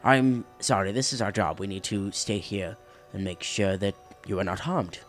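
Brief: courteous prison guard, played by a man, quiet and measured, faint music behind. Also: on the low side, pitched below the performer's own voice, lightly acted. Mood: apologetic. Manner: apologetic, measured. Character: dutiful male prison guard, polite.

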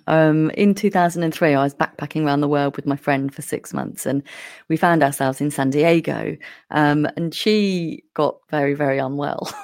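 A woman's voice: sits low, creaky, dry recording, clean studio sound. A woman hosting a podcast, telling stories in casual chat and laughing often. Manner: storytelling, animated, laughs often. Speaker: podcast host.

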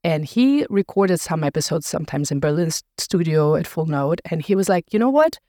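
A woman, a podcast founder interviewed on her own show, telling her story in a relaxed, reflective way with frequent "like" fillers. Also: sits low, moderate pace, no room sound, studio quality. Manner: reflective storyteller, fills speech with "like". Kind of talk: casual conversational interview.

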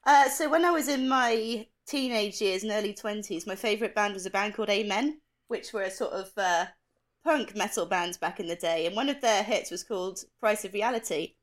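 A woman's voice: mid-range voice, normal speed. Woman telling a story on a podcast, plain mid voice. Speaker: podcast co-host. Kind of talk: casual chat.

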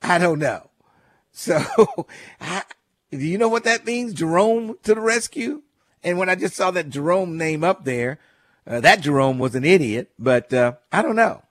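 A fairly high-voiced man hosts a call-in radio show, chatting loosely and telling neighborhood stories with amused asides. His studio mic sounds dry and close. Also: animated, unhurried, no room sound. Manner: chatty storytelling, amused, repeats phone number. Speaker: radio talk show host. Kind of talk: casual call-in radio talk.

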